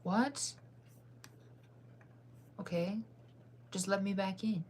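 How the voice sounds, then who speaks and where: A woman's voice: fairly low pitch, a little hiss or hum. Giggly, chatty woman streamer. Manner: chatty and giggly, quick to get excited. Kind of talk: casual livestream chat with viewers.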